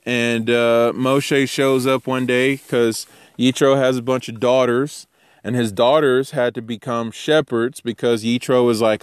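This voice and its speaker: Male preacher, informal and animated, dry close mic. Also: medium pitch, a little slow, smooth, no echo. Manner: animated, jokey, acts out voices. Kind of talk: informal sermon.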